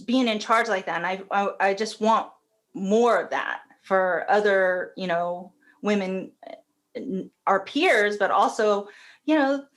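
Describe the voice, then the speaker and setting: A woman's voice: medium pitch, measured pace, a bit bright. Chatty, emotional woman podcast guest. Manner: chatty, laughs often, emotional. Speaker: podcast guest, company COO. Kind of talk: casual podcast conversation.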